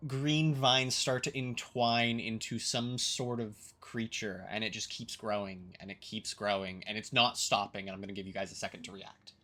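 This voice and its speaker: A man narrating a tabletop game as game master, casual and halting, with fillers. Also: on the low side, fairly even intonation, bright, forceful tone.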